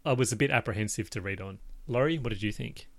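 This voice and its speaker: A man co-hosting a book podcast, measured and a little hesitant in his opinions. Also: on the low side, no room sound. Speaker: podcast co-host. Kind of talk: casual book discussion.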